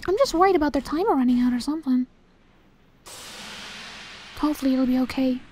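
Young woman, high voice, let's-play host. Chatty and self-talking, with easy frustration. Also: fairly quick, a little mellow, soft background music. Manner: rambling, self-talking, exasperated. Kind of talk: casual gameplay commentary.

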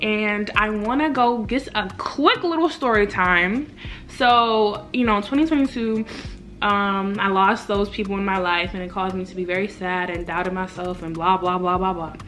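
A young woman speaks in a casual home vlog, emotional and gushing, and she often circles back over her own words. Her voice sits at a middling pitch with a bright, forward edge. Faint music plays behind her. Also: fairly even intonation, normal speed. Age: young adult. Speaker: vlogger. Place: indoors at home by a window.

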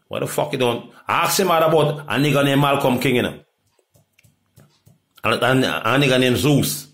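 A middle-aged Jamaican man in a rambling, profane monologue that swings from loud outbursts to low mutters. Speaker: reggae artist.

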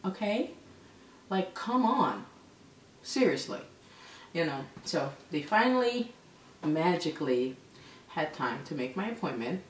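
A woman's voice: sits low, unhurried, long pauses. Exasperated woman vlogging in an echoey room. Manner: animated, exasperated storytelling. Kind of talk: casual storytelling vlog. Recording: echoey room, mic at a distance, faint background noise.

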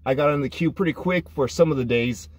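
A man's voice: fairly high pitch, quick pace. Frustrated man in casual podcast chat. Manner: frustrated, laughing between complaints. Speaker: podcast co-host.

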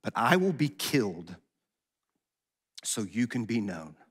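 A man pastor preaching a sermon in a conversational, animated way, acting out quotes as he goes. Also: lowish voice, slow pace, slightly rough. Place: church sanctuary. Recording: long hall reverb.

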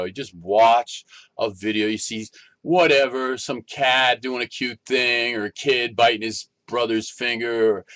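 A man's voice: medium pitch, dry recording. Exasperated ranting man, dry close sound. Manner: animated, rambling, restarts and exasperated complaints. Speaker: vlogger. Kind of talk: casual ranting vlog.

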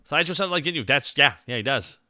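A man's voice: on the high side, fast, dry recording, clean studio sound. A man streaming casually, chatting and trying out cartoon impressions. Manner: animated, jumps into character voices.

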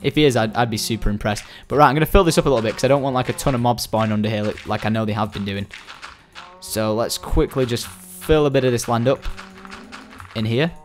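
A young Scottish man giving casual, excitable commentary while playing a building game, chatting to viewers and the animals. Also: medium pitch, fast talker, faint music behind. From Scotland. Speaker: gaming commentator.

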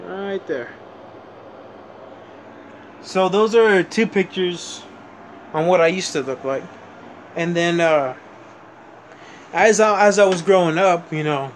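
A young man with a fairly high voice talks straight to the camera in a loose, rambling storytelling style, full of restarts and casual swearing. A faint hum of room ambience sits behind him. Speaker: vlogger.

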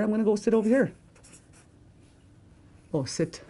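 A woman teaching a language class in a casual, chatty way, repeating words slowly with plenty of fillers. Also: extremely low pitch, expressive, gravelly, mellow.

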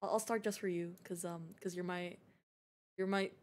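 A woman's voice: lowish voice, fairly even intonation, moderate pace. A young woman streaming a game, chatting to her viewers in a giggly, teasing, playful way. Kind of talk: casual gaming live-stream chat.

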